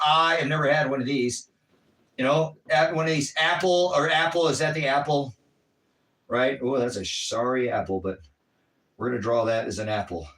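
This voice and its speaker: Middle-aged man, rambling livestream host, animated, jumps between asides. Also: fairly high pitch, rough recording.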